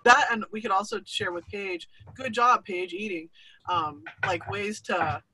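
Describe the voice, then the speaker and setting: A woman's voice: medium pitch, unhurried, gravelly, husky, low-quality recording. A woman chatting casually and animatedly, acting out the noises she describes. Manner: animated, imitates sounds. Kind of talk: casual chat.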